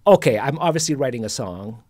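Middle-aged male host; gentle, reflective storyteller, mid-range voice, dry and close. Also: mid-range voice, lively intonation, a little fast, dry recording. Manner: reflective, soft-spoken, full of restarts. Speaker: podcast host and singer-songwriter. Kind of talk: casual storytelling conversation.

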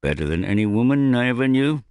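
A man voicing a stern, gruff middle-aged ship captain who speaks curtly and bluntly in an audiobook. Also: medium pitch, very animated, fast, a little mellow, no room sound, studio quality, voice pushed up, natural voice. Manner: curt, blunt, speaks of his ship proudly.

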